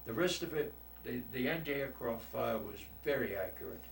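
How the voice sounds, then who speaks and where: A man's voice: mid-range voice, animated, normal speed, vocal fry, far from the mic. An old man with a London accent tells war stories bluntly, with a salty turn of phrase. He sits some way from the mic in an echoey room, with a faint hiss underneath. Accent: London English. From London, England. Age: 80s. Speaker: war veteran interviewee. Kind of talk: oral history storytelling.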